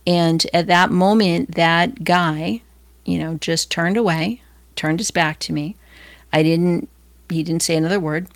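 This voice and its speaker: A middle-aged woman from Los Angeles speaks in a loose, conversational devotional manner. Her voice sits fairly low with a gravelly edge, and she stops, restarts and fills pauses with ums. The sound is dry and close. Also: fairly even intonation, no room sound. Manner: conversational, many fillers and restarts. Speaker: Christian speaker. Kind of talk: informal devotional talk.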